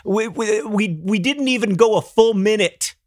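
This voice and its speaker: A man's voice: sits high, normal speed, no echo, studio quality. A man co-hosting a podcast in casual chat, wry and rambling, often restarting his sentences. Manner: wry, rambling with self-corrections. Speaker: podcast co-host.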